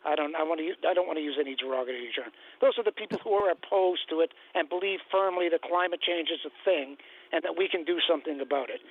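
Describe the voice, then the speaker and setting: A man's voice: fairly high pitch, fast, vocal fry. An older man from Nova Scotia, calling into a radio show, blunt and sarcastic with many hesitations. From Nova Scotia, Canada. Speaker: caller. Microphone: phone. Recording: tinny phone line.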